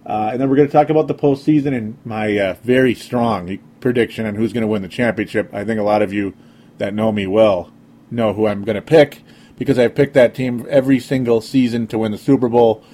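A man's voice: fairly low pitch, steady tone, fairly quick, mellow. Rambling sarcastic man hosting a podcast. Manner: rambling, sarcastic, frequent fillers. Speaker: sports podcast host. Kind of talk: casual sports podcast monologue.

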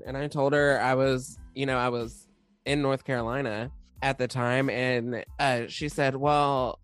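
A young woman co-hosting a podcast, chatting casually in a mellow, even tone. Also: a bass voice, moderate pace, dry recording, soft background music. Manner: mellow, even tone, self-described. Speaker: podcast co-host. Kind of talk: casual chat.

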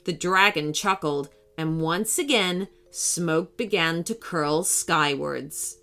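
A woman narrating a scripted children's story in an expressive, animated storytelling manner. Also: low voice, takes it slowly.

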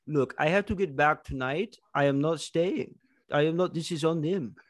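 A man's voice: on the high side, normal speed, no room sound, lightly acted. A man voicing a laid-back male snorkel boat worker with a put-on drawling accent. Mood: careless.

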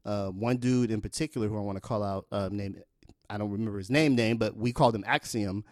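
A man's voice: on the low side, a little fast, dry recording. Dry-sounding man telling a casual story. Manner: relaxed, rambling, with frequent fillers. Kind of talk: casual spoken anecdote.

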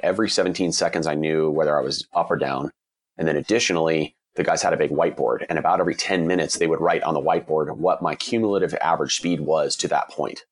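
A man in his forties with an extremely low, deep voice, slightly husky as he gets over a cold. He answers interview questions in an earnest, candid way, often restarting his sentences as he thinks aloud. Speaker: guest, endurance cyclist.

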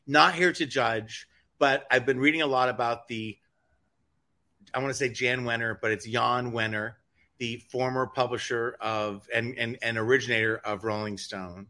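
Bright-voiced chatty man. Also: mid-range voice. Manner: rambling, indignant commentary with many restarts. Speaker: co-host. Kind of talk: casual chat.

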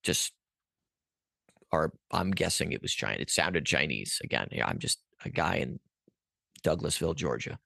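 A man's voice: very deep voice, moderate pace, creaky, pauses often, dry recording, studio quality. A man guest on a podcast, earnestly telling a personal story in a rambling way, with many restarts and fillers. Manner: earnest, animated at peaks.

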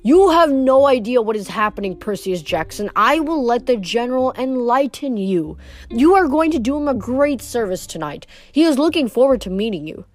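A woman's voice: on the high side, sing-song, moderate pace, faint music behind. A woman reading aloud, voicing a smug male monster villain who speaks in formal, mocking threats. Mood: menacing. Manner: mocking, formal menacing speech.

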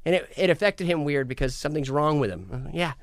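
A man, a musician guest, telling stories in casual chat, animated and swearing, acting out quoted lines. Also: on the high side, quick pace, no echo, studio quality. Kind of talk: casual storytelling.

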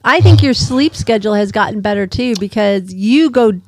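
A woman co-hosting a casual chat, teasing and encouraging, quick to laugh. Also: mid-range voice, expressive, a little mellow, no room sound.

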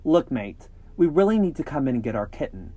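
A man's voice: medium pitch, big pitch swings, brisk, mellow, highs cut off. A man voicing eerie black-eyed teenage boys who politely but insistently demand to be let in. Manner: insistent, bogus cheery politeness.

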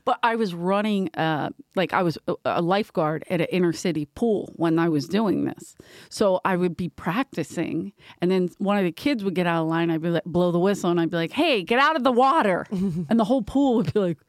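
A woman's voice: fairly low pitch, fairly quick, dry recording, studio quality. A middle-aged woman with a Philadelphia accent, hosting a casual comedy podcast chat and telling stories with laughs. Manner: laughing, animated storytelling. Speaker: podcast host.

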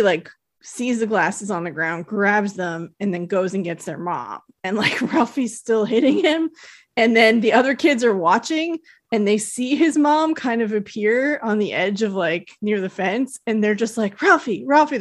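Podcast co-host, woman, mid-pitched, easygoing recap with many "like"s, dry close mic. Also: animated, normal speed, no echo. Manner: conversational, filler-heavy storytelling with "like". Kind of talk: casual chat retelling a film.

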